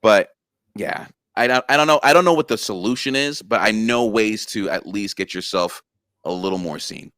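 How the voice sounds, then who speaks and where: A man's voice: lowish voice, moderate pace, a bit bright, dry recording, clean studio sound. A man guest on a casual interview chat, earnestly explaining things step by step. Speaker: guest content creator.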